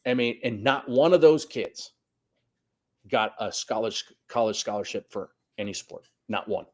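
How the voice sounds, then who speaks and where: Middle-aged man, high school soccer coach, casual storytelling, acts out dialogue, salty language. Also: unhurried. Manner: animated storyteller, acts out quotes, swears.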